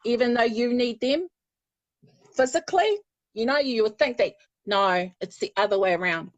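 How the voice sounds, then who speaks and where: A woman's voice: on the high side, expressive, moderate pace, no room sound, lo-fi sound. A woman giving a live psychic reading, chatty and affectionate, often laughing. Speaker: spiritual medium.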